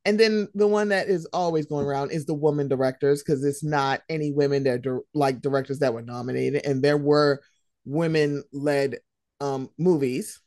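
A young woman hosting a casual pop-culture chat, animated and slangy, swearing freely. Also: deep voice, moderate pace, no room sound, studio quality. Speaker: podcast host.

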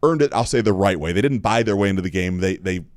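A man's voice: deep voice, expressive, fast, no room sound. A man hosting a podcast, telling a candid story in casual chat with lots of fillers. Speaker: podcast host.

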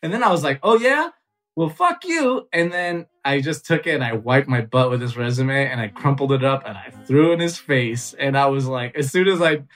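A man telling a personal story as a comedian guest on a podcast, animated and self-mocking, laughing often and loose with fillers. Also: medium pitch, fairly quick, hardly any pauses, faint music behind.

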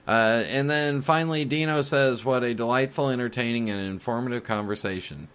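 Male podcast host, deep voice, relaxed letter-reading delivery with frequent chuckles. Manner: reads listener letters aloud, chuckling often; many filler uhs. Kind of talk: casual podcast talk.

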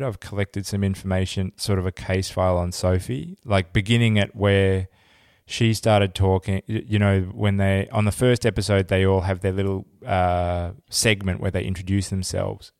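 Man, podcast co-host, low voice, dry close sound, wry and chatty. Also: flat delivery, normal speed, vocal fry, darkish tone, no echo. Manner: wry, self-deprecating, chatty. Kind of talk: casual podcast chat.

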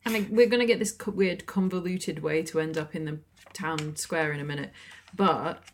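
A woman's voice: deep voice, steady tone, moderate pace, slight background noise. A woman co-hosting a podcast, chatting casually about a musical with wry, jokey asides. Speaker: podcast co-host. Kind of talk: casual chat recapping a musical.

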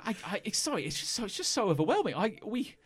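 A man's voice: high-pitched, very animated, fast, fairly bright tone, husky, pitched above the performer's own voice, full character voice. A man voicing a flustered guard who stammers and frets. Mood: fretful. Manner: stammering, fretful. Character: flustered, gossipy male guard.

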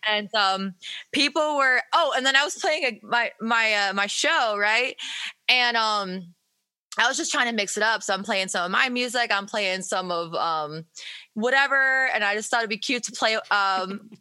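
Woman from the US, musician guest, bright voice, slightly high pitch, casual, lots of fillers, laughs often. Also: normal speed. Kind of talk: casual interview chat.

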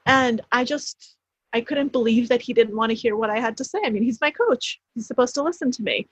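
A woman's voice: on the high side, a little fast, fairly bright tone, husky, dry recording. A woman, an author being interviewed, explaining her points emphatically, often restarting her phrases as she goes. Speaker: author guest. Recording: dull, slightly lo-fi sound.

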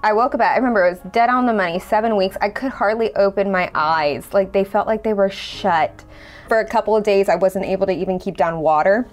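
A woman's voice: mid-range voice, fairly quick, soft background music. A woman telling her own story in a conversational way, acting out the dialogue she quotes. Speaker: storyteller guest. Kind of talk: personal storytelling.

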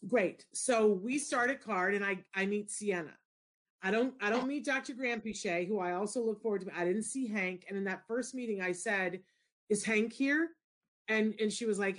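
Middle-aged woman, talk show host, animated storyteller with big pitch jumps. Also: moderate pace. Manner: expressive, shifts into high excited squeals when retelling. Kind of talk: animated storytelling in casual chat.

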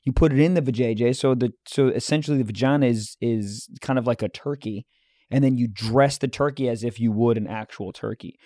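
A man's voice: mid-range voice, fairly quick, warm tone, no room sound, clean studio sound. A man co-hosting a comedy podcast, riffing with crude jokes in casual chat. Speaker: podcast co-host.

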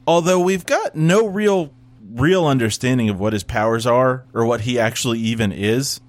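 A man's voice: medium pitch, expressive, normal speed, few pauses. A man in casual chat, sarcastically recapping a TV show and acting out the characters. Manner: sarcastic, acts out characters mid-story.

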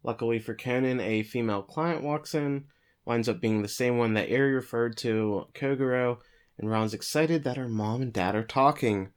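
A man co-hosting a podcast, giving a steady plot summary of an anime episode with occasional fillers. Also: mid-range voice, normal speed, smooth. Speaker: podcast co-host recapping an anime. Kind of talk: casual episode recap.

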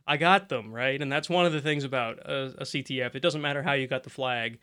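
A man's voice: mid-range voice, fast talker, clear, resonant tone. A man co-hosting a casual tech podcast, telling stories with frequent laughs. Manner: laughs often, animated storytelling. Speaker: podcast co-host.

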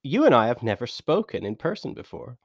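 A British man hosting a podcast interview, chatty and animated, laughing easily as he introduces his guest. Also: mid-range voice, fairly quick, vocal fry, slightly rough, no room sound, clean studio sound. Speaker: podcast host.

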